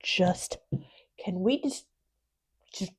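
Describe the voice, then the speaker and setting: Slow-talking woman gushing over nail products. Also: lowish voice. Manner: gushing, breathy exclamations, drops to whispers. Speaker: nail channel host. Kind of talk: casual product unboxing. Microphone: phone.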